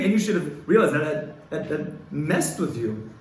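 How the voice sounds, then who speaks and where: A man teaching a Torah class to a small group, earnest and rhythmic, swelling louder and higher to stress his points. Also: very animated, moderate pace. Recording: echoey room, faint room ambience.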